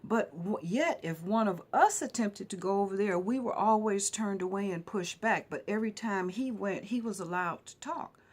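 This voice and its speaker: A woman's voice: medium pitch, normal speed, few pauses, a little mellow. A woman vlogger earnestly telling personal stories to her viewers in a conversational, emphatic way.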